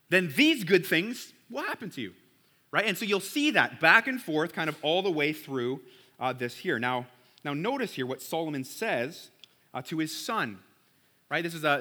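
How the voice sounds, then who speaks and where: A man's voice: a little high, bright, forceful tone. A man preaching a sermon to a church congregation in a casual, conversational way, often checking in with "right?". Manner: conversational, keeps asking "right?". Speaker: pastor.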